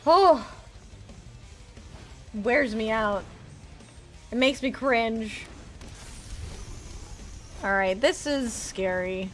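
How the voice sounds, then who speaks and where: A woman's voice: a little high, drawn-out words, pauses often, soft background music. A woman streamer commenting on a card game live, chatting to viewers by name and swearing freely.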